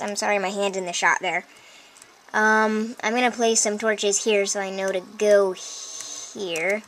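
A woman commenting on her own video game play, chatty and easily excited, often breaking into exclamations and talking straight to her viewers. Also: medium pitch, unhurried. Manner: chatty, addresses viewers directly. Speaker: let's play host. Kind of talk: gameplay commentary.

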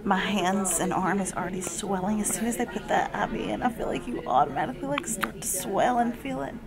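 A woman's voice: mid-range voice, fairly quick, over a noisy crowd. A woman vlogging in a casual, emotional, chatty way, laughing often, filming herself on a handheld phone. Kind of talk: casual vlog. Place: car and hospital room.

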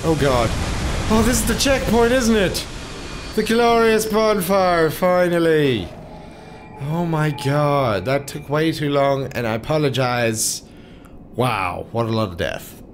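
A man doing let's play commentary on a game. He cusses at enemies and swings between loud outbursts and low muttering. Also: slight background noise. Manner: swears and curses at enemies. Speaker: gameplay commentator.

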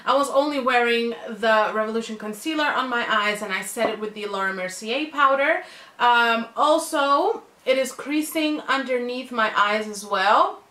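Woman vlogger talking casually to her viewers, kinda high voice, chatty and relaxed. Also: normal speed. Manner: chatty, informal, addresses viewers as guys. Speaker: beauty vlogger. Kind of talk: casual chat to camera.

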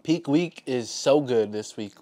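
An unhurried man chats casually in an eating vlog, drawing out his words between bites. He often talks with his mouth full. Cutlery and dishes clink in the background. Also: medium pitch, dark tone. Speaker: vlogger.

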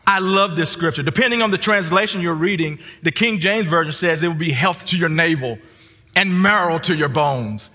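A man preaching a sermon as a guest speaker, often repeating words and rising to emphatic shouts. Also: a little high, moderate pace. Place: church sanctuary. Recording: long church reverb.

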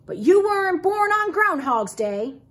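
A woman's voice: a little high, big pitch swings, a little slow, fairly bright tone, breathy edge, heavily acted. A woman voicing a grumpy, dismissive old male groundhog in a storybook read-aloud. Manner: grumbling, dismissive.

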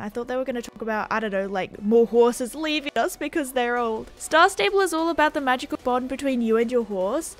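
A young Australian woman with an Australian accent, casually reading a game blog aloud with chatty, excitable asides. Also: high voice, fairly quick, few pauses. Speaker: gaming video creator.

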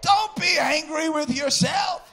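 A tender, forgiving grown man who pleads and then swells to shouting, as a preacher voices him. His voice is high and bright, and he speaks earnestly. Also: a little slow, some chatter behind, a little hiss or hum, heavily acted. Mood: pleading.

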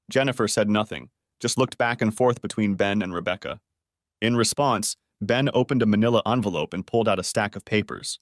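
A man's voice: fairly low pitch, fairly quick, dry recording, studio quality. A man reading a story audiobook aloud as the narrator. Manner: expressive storytelling. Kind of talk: scripted narration.

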